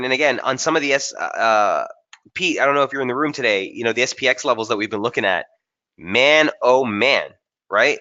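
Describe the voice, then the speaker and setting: Casual male webinar presenter, low and forceful voice, muffled stream audio, thinks aloud. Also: lively intonation, brisk. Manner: casual, thinking aloud with frequent fillers and restarts. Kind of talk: live chart analysis webinar.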